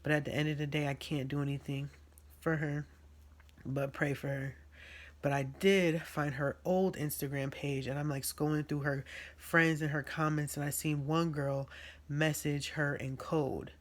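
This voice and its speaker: A man's voice: fairly high pitch, level tone, normal speed. A man venting in a diary-style vlog, rambling with slang and fillers, his nose running from allergies. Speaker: vlogger. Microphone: recording on a phone.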